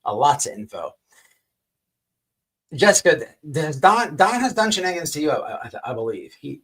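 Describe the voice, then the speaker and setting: Animated, profane man hosting a livestream. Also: mid-range voice, distant mic. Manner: animated, profane, rambling storyteller. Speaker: livestream host. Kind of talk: casual livestream chat.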